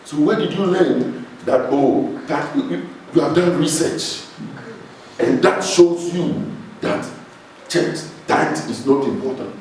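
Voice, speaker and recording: A man's voice: on the high side, slow, darkish tone, a little hiss or hum. A man with a Ghanaian accent, a pastor preaching an emphatic sermon and calling out questions to his congregation. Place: church hall. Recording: echoey church hall, voice from far off the mic.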